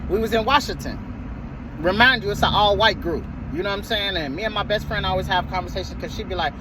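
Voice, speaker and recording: A man's voice: sits high, quick pace, background noise. A man who drives a motor coach bus tells a story in a casual vlog, heated and profane, and he repeats himself.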